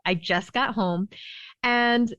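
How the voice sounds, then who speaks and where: Woman, pediatrician guest on a podcast, animated storyteller who laughs easily and fills with "you know"; muffled, dry lo-fi audio. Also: fairly high pitch, takes it slowly, dry recording. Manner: lively storyteller, laughs often, many "you know" fillers. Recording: dull, dry lo-fi sound.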